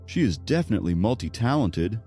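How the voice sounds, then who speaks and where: A man's voice: lowish voice, big pitch swings, brisk, warm tone, soft background music, pitched above the performer's own voice. A man doing a young college guy gossiping. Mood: admiring. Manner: lamenting, admiring.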